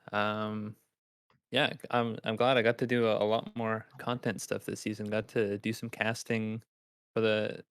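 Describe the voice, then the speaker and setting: A man from Canada chatting on a live-streamed game show. He talks haltingly, with ums and restarts. His voice is lowish and the sound is dry. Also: a bit bright, no echo. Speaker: player. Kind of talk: casual live-stream chat.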